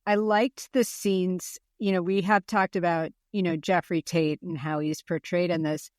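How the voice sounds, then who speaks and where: A woman hosts a podcast in a casual, rambling way, filling her speech with hesitations. Her voice is a little low, and the close recording is dry. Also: steady tone, measured pace, a little mellow, dry recording. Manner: rambling, filler-heavy, hesitant. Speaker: podcast host.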